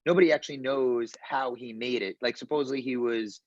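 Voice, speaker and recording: A man's voice: mid-range voice, steady tone, brisk, dry recording, lo-fi sound. A man in his thirties, a comedian on a podcast panel, chatting casually with many fillers and restarts. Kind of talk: casual chat.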